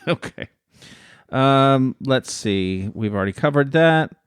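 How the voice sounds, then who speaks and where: A man's voice: mid-range voice, expressive, slow, smooth, no echo, studio quality. A man in his thirties with an American accent, co-hosting a casual podcast with his wife, joking and playfully defensive. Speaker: podcast co-host. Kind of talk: casual chat.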